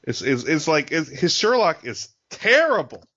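A man's voice: on the high side, big pitch swings, normal speed, pushed and bright. A man co-hosting a casual podcast chat, dry and teasing, stammering a little as he restarts his sentences. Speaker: podcast co-host. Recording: slightly dull lo-fi podcast audio.

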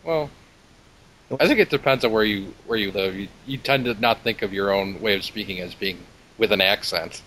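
A man co-hosting a podcast, explaining things in a measured way with dry humour. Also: fairly low pitch, fairly bright tone, low-quality recording. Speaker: podcast co-host. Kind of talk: casual conversational interview.

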